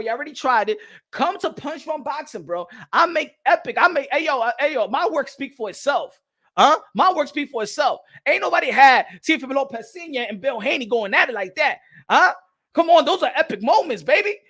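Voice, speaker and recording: A man hosting a boxing channel, ranting to camera in a loud, repetitive, trash-talking way and keeps asking "huh?". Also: extremely high pitch. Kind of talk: casual rant to camera.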